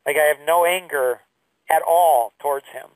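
A man's voice: on the high side, normal speed, dry recording, distant mic, poor audio. A man in his fifties, a grandfather, teaching a course by telling a painful personal story in an earnest, emotional way with many fillers.

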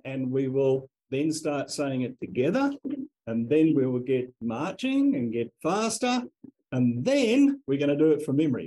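A man's voice: a little high, dark tone, poor audio. A man teaching a language class, enthusiastically leading the group through chanted call-and-response drills.

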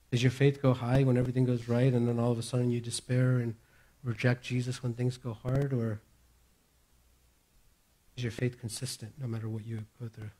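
A man preaching a sermon as pastor, moving between raised, emphatic declarations and hushed, near-whispered reassurances. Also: medium pitch, little pitch movement, moderate pace.

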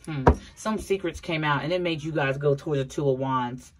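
Tarot reader voice, mid-pitched, chatty and blunt, over steady background noise. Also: fairly quick, few pauses. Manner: chatty, repeats herself, addresses viewers as a collective; blunt, occasional swearing. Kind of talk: casual tarot reading monologue.

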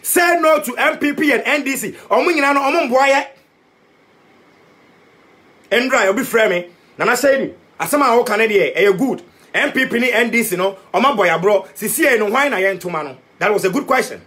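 A Ghanaian-accented man preaching a passionate political rant to the camera. His voice sits very high for a man and swoops up and down as he repeats himself for emphasis. He mixes Twi and English as he rails on. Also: animated, brisk, pushed and bright. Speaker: youth activist vlogger.

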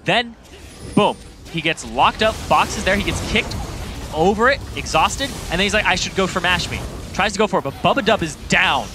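A man's voice: high voice, animated, normal speed, over music. A man giving color commentary on an esports match, who breaks down replays step by step and voices what the players were thinking. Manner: walks through replays step by step, voicing players' thoughts.

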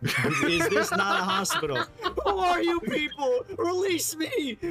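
A man voicing a bewildered young man just woken from a coma, reading the lines with shrill, overblown emphasis. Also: big pitch swings, slow pace, creaky, over loud music, heavily acted. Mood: shrill panic.

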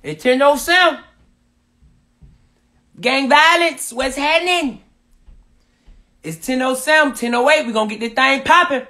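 A man hosting a livestream, loud and hyped, swearing and shouting to his viewers. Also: very high voice, a little slow, long pauses. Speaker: livestream host.

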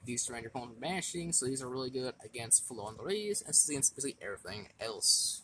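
Casual man, mid-pitch, talking through a card deck, stumbles and restarts as he reads. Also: animated, fast talker, bright, forceful tone, slight background noise. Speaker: card game deck explainer.

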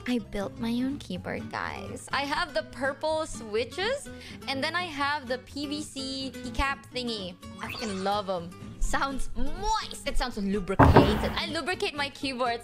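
A woman streamer chatting in a bubbly, giggly, animated way. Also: sits high. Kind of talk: casual stream chat. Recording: stream clip with loud music.

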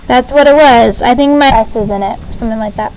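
A middle-aged woman teacher leading a class through spelling words, patient and slow as she spells them letter by letter. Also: on the high side, darkish tone, rough recording. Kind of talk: classroom spelling lesson over video.

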